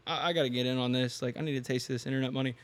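A young man, a podcast guest and online fitness coach, telling a story in casual chat, animated and often laughing, acting out the people he quotes. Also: medium pitch, racing.

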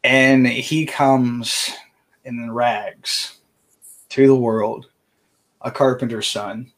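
A man co-hosting a podcast, talking through a Bible passage in a casual, halting way with many restarts. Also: medium pitch, fairly even intonation, fairly bright tone. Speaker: podcast co-host. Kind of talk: casual faith discussion.

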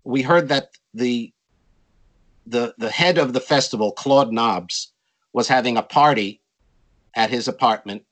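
An older man telling stories from his music career in an interview, animated and acting out quotes in a raised voice. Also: mid-range voice, a little slow, pauses often, low-quality recording. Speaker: interview guest, jazz musician. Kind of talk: storytelling in a conversation.

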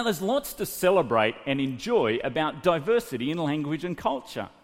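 A man in his late thirties from New South Wales with an Australian accent, preaching a sermon as animated storytelling. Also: high voice. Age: late 30s. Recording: reverberant hall.

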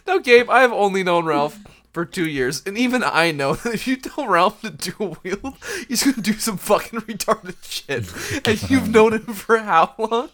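A man's voice: high-pitched, sing-song, moderate pace, fairly bright tone. A young man hosting a casual podcast chat with friends, loose and joking and swearing freely. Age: young adult. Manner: loose, laughing, swears a lot. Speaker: podcast host.

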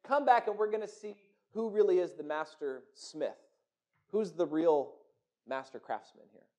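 A man's voice: fairly high pitch, normal speed, warm tone, lightly acted. A man voicing a commanding king in a told story, with a theatrical, authoritative delivery. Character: commanding male king, middle-aged.

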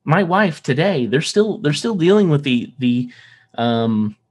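A man's voice: a little high, very animated, unhurried, a little mellow, breathy edge. A man from the American South, without a Southern accent, talking earnestly in a casual podcast conversation, often restarting and repeating words. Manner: earnest, rambling, with frequent restarts and repetitions.

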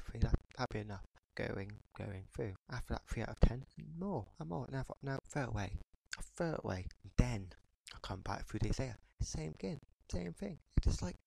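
Gravelly-voiced man in his thirties, ranting. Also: on the low side, mellow, a little hiss or hum, low-quality recording. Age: 30s. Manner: frustrated, halting, peppered with "you know". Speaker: podcast host. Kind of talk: podcast rant monologue.

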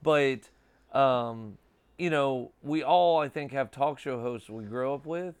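Casual rambling man, smooth dry voice. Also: medium pitch, slow, no echo. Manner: rambling, swears casually, lots of "dude" and "like". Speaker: podcast host. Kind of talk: casual chat.

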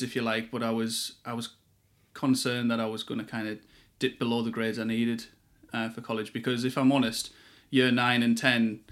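A man, a guest on a studio podcast, talking in a relaxed, rambling way with restarts. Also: mid-range voice. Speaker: guest, yoga teacher. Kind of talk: casual interview chat.

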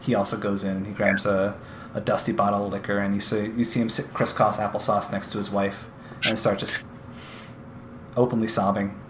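A man's voice: lowish voice, flat delivery. A man narrates a tabletop game as its game master, stopping often with ums and starting over. His voice carries a roomy echo, with faint ambient noise underneath. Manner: halting, with frequent ums and restarts.

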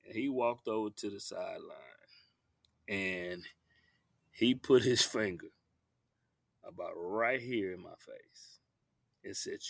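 Brief: man in his fifties, basketball coach, gravelly voice, animated storyteller, close dry mic. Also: fairly low pitch, slow pace, pauses often, dry recording. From Texas. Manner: lively storyteller acting out referees and himself.

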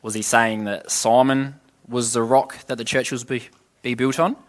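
A man's voice: medium pitch, fairly even intonation, moderate pace. A man giving an informal Bible teaching, reading scripture passages aloud and then explaining them in an easygoing, conversational way, with questions to his listeners.

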